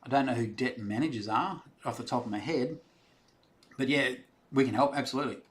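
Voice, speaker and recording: A man's voice: mid-range voice, a little fast. An Australian man hosting a live stream, casually chatting and answering viewer questions in a rambling, friendly way. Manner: chatty, rambling, reads out comments and answers them.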